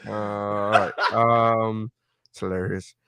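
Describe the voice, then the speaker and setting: A man co-hosting a podcast in casual chat, ranting and swearing in an animated way. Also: mid-range voice, fairly quick, a little hiss or hum. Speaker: podcast co-host.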